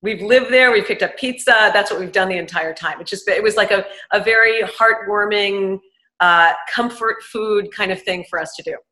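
Bright-voiced chatty woman host. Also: medium pitch, normal speed, roomy sound, rough recording. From Upper East Side, Manhattan. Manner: chatty, laughs often, enthusiastic. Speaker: show co-host. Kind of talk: casual interview chat.

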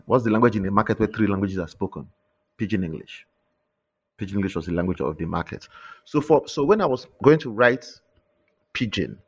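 A man with a Nigerian accent, an author talking in an interview with lively, repeating restarts. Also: lowish voice, breathy edge, muffled recording. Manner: animated, repeats words when restarting. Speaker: author and guest. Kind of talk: interview conversation.

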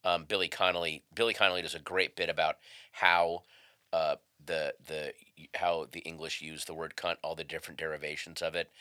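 A man's voice: rumbling low, flat delivery, fairly quick, pushed and bright, smooth, dry recording. A man co-hosting a podcast in casual chat, riffing with wry jokes. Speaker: podcast co-host.

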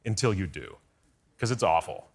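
A man guesting on a talk show, telling lively stories in quick bursts. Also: deep voice, vocal fry, husky. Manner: lively storyteller, quick asides. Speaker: guest, former speechwriter.

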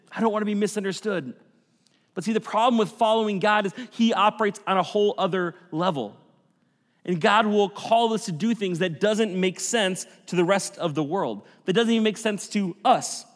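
A male pastor delivers a sermon in an easy, conversational storytelling manner. His voice sits fairly high for a man. Long hall reverb hangs on every line.

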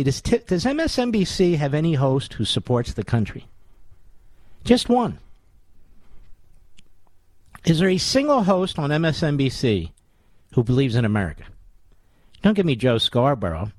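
On his talk radio show, a man delivers a sarcastic, combative monologue loaded with scornful rhetorical questions and asides to his producer, whom he addresses on air. His medium-pitched voice is a little mellow, and there's no echo.

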